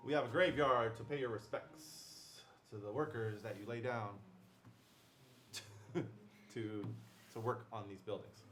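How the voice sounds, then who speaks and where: Young guy hosting a game stream, chatty and upbeat, lots of ums, mid pitched. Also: steady tone, measured pace, pauses often, a bit bright, a little hiss or hum. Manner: chatty and upbeat, with fillers and laughs. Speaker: livestream host. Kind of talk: casual livestream unboxing chat.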